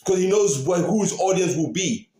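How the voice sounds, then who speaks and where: A man hosting a reaction video, talking casually and excitedly to his viewers and repeating his points. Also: high voice, moderate pace. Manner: animated, repeats phrases, talks to viewers. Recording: roomy echo.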